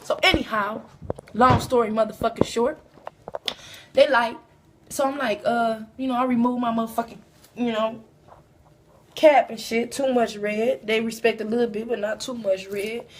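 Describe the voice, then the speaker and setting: A woman livestreaming a profane comic story on her phone, rambling and growing loud and shrill when worked up. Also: steady tone, normal speed, long pauses, a little hiss or hum. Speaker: livestream comedian. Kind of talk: comic storytelling on a live stream.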